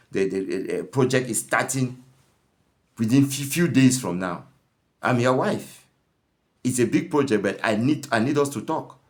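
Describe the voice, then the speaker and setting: A man voicing an insistent, nagging wife who talks loudly and demands to be heard. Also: close to an everyday voice. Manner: loud, pitched up, demanding.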